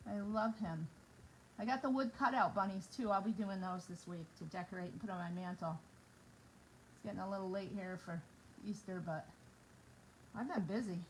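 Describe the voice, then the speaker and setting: A woman's voice: medium pitch, moderate pace, long pauses, slight background noise, low-quality recording. A middle-aged woman chatting casually as she demonstrates a craft project in her home kitchen, bubbly and talking while she works. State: out of breath. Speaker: craft vlogger. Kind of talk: casual demo chat.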